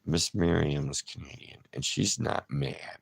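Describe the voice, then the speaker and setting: Gravelly low-voiced man chatting with viewers. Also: measured pace. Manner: chatty, reacts to viewer comments and names viewers. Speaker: livestream host. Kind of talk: casual livestream chat.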